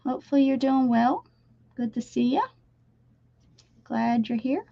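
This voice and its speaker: A woman's voice: sits high, steady tone, measured pace, gravelly, dark tone, no room sound. Chatty woman streaming while she doodles. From Pennsylvania, USA. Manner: chatty, talks straight to viewers, drifts into whispers. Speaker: art livestream host. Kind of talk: casual livestream chat while drawing. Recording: slightly dull lo-fi stream audio.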